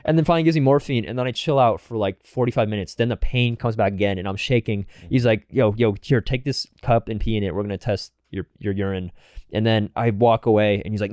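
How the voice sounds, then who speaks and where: A young man hurries through a rambling story on a podcast, his voice sitting low and close in a dry, dead room. He keeps acting out what people said to him between lots of fillers. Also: quick pace, darkish tone, smooth, no echo. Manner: rambling, filler-heavy anecdote with acted quotes. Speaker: podcast co-host. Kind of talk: casual storytelling chat.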